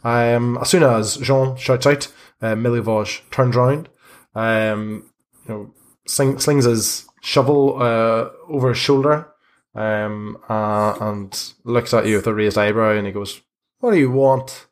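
A man narrating as game master of a tabletop game, relaxed and full of hesitant fillers. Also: fairly low pitch, takes it slowly.

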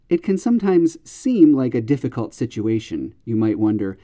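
A man teaching a podcast grammar lesson, explaining clearly and patiently and exaggerating his intonation in examples. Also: fairly low pitch, animated, moderate pace, hardly any pauses, dark tone. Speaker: English teacher.

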